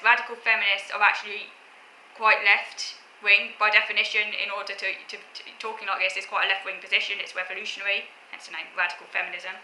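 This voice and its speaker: A woman vlogger sets out her opinions for the camera in an earnest, lecturing manner, frequently halting and restarting what she says. She has a medium-pitched, very bright, sharp-edged voice, recorded in a roomy, echoey space with a faint ambient hum.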